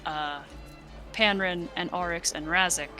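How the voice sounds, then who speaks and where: A woman's voice: on the low side, steady tone, unhurried, bright, forceful tone, faint music behind. A young woman in a casual, laughing way leading a tabletop game as game master. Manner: casual, laughing, loose with fillers. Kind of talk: running a tabletop game session.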